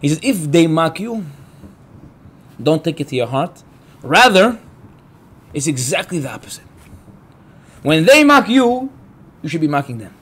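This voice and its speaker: A rabbi teaches a lively Torah class to a live group, his husky voice high for a man and swinging widely in pitch. He tells stories with relish, plays the characters, and fires quick questions at the room.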